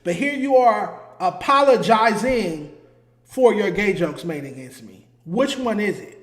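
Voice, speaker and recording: A man's voice: high-pitched, big pitch swings, unhurried, echoey room. A man hosting his own commentary show, talking in a heated, emphatic way and hammering his points home through repetition. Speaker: host. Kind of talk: solo commentary.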